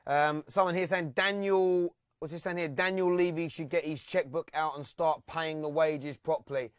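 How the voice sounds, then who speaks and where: A man's voice: on the high side, steady tone, moderate pace, clear, resonant tone, dry recording, clean studio sound. A man hosting a live football phone-in, chatting with callers and reading out fan comments and stats.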